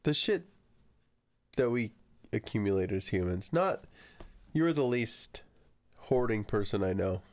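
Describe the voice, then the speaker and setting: A podcast co-host telling stories in loose, casual chat, with a lively, wide-ranging pitch. The talk is relaxed and peppered with casual swearing. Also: a little slow, long pauses.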